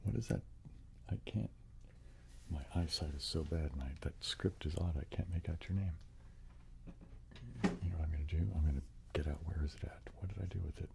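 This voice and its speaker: A man hosting a soft-spoken ASMR live stream, chatting casually with viewers and breathing whispered trigger words. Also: very deep voice, moderate pace, gravelly, pauses often, noisy background. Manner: chatty, answering viewers' comments.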